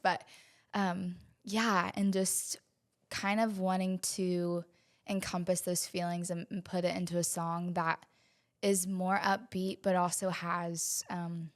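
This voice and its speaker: A woman from West Virginia, a singer-songwriter guest, talking openly and hesitantly with many pauses in a relaxed interview. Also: lowish voice. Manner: soft-spoken, open, hesitant with many ums. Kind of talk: casual interview chat.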